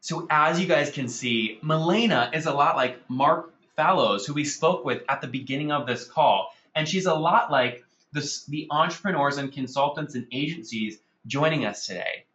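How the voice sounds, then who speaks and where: A man's voice: a little high, moderate pace, few pauses, reverberant, lo-fi sound. Upbeat man hosting a marketing webinar. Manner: energetic, salesy, addresses audience as guys. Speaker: webinar host.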